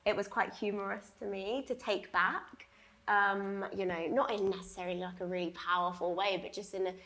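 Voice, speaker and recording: Bright-voiced young woman, chatty artist talk. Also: mid-range voice, fairly even intonation, moderate pace. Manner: chatty, laughing often, many "like" fillers. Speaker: artist discussing her exhibition. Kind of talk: public gallery conversation. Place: gallery talk before an audience.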